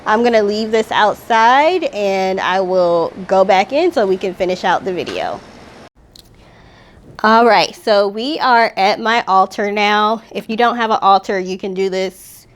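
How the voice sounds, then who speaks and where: A woman at a middle pitch walks viewers through a spiritual healing ritual in relaxed, everyday speech. Her tone stays gently instructive and unhurried. She reads her affirmations slowly and deliberately. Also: slight background noise. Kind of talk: guiding a ritual step by step.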